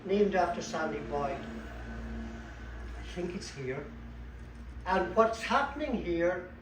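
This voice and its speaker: A man's voice: high-pitched, big pitch swings, slow. A man with a Donegal Irish accent giving a chatty talk on local place names at a community event. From Donegal, Ireland. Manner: chatty, explanatory, with dry asides. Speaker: guest speaker at a local history talk. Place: community hall at a book launch. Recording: echoey hall, distant mic, faint room noise.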